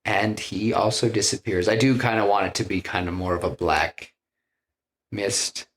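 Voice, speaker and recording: A man's voice: fairly low pitch, steady tone, normal speed, a bit bright. A man on a podcast, telling a film scene by scene in a loose, rambling way and acting out the lines he quotes. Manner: loose, rambling with restarts and "you know". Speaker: podcast co-host pitching a film. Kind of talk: casual storytelling chat.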